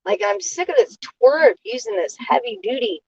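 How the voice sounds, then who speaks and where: A woman's voice: very high-pitched, very animated, creaky, a little mellow, no echo. Indignant woman ranting, dull lo-fi sound. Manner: indignant, aggrieved rant with halting pauses. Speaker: vlogger. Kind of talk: casual monologue to camera.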